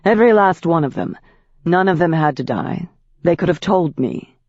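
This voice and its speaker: A woman's voice: fairly low pitch, animated, normal speed, darkish tone, dry recording, dull audio. A woman voicing a polished young male elf businessman, clipped and insistent, in an audiobook. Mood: hard. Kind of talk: audiobook character voice.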